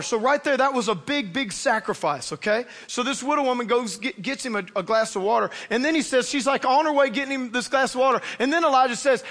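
A man preaching a sermon as pastor, animated and acting out biblical characters in his storytelling. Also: very high voice, fairly quick, hardly any pauses. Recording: long hall reverb.

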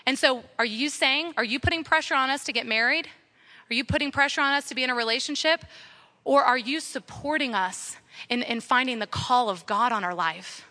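Bright, high-voiced young woman preaching. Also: fairly quick. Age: young adult. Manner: earnest, exhortative, repeating key phrases. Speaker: women's ministry speaker. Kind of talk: sermon.

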